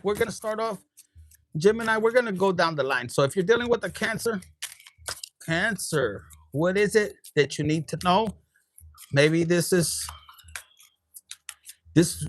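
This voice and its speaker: A young man, reading tarot in a casual livestream, talking candidly with profanity and jokes and slipping into Spanish words. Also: high voice. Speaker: tarot reader.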